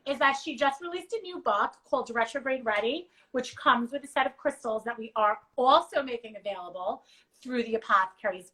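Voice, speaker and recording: Brief: woman host, bright and fairly high-pitched, chatty and animated, voice just recovering from strep throat, casual livestream on a video call. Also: rough recording.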